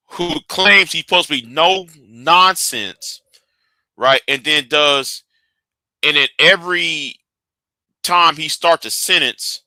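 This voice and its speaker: Bright-voiced man ranting on a stream. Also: on the high side, no room sound. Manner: repeats and restarts words, argumentative. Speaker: live stream host. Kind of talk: ranting live stream commentary.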